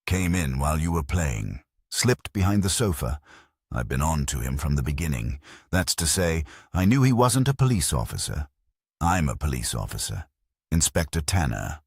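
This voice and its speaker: A gruff, steady police inspector barks short, clipped sentences, played by a male narrator. The voice is deep and husky, and the recording sounds dry. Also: normal speed, no echo, exaggerated voice. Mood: brisk. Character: gruff calm police inspector, middle-aged.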